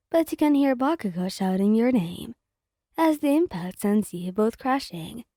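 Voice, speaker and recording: A woman narrates a story in a steady read-aloud manner. Her voice sits a little high but sounds mellow and soft-edged, and the recording is dry and close with no room sound. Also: dry recording. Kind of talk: reading a fan fiction story aloud.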